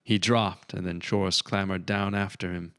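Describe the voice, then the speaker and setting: Low, smooth and resonant, this man's voice carries a scripted audiobook narration at a steady, measured storytelling pace. The sound is close and dry, without any echo or room around it.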